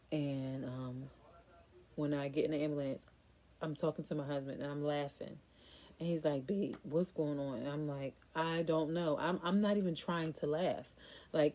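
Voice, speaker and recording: Low, mellow-voiced woman telling a story. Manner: talks through a frightening memory, with fillers and nervous laughs. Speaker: vlogger. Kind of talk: casual storytelling.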